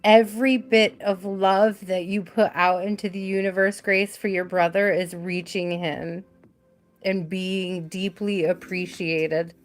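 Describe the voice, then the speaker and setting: Woman doing tarot live, takes her time, soft and emotional, a bit of music behind. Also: medium pitch, little pitch movement, a little slow, hardly any pauses. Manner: gentle, emotional, repeats phrases softly. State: tearful at times. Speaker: tarot reader.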